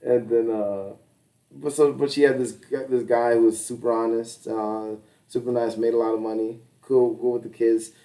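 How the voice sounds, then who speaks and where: A man's voice: mid-range voice, level tone, moderate pace, warm tone. A man co-hosting a podcast in casual chat, rambling and swearing, often laughing. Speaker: podcast co-host. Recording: distant mic.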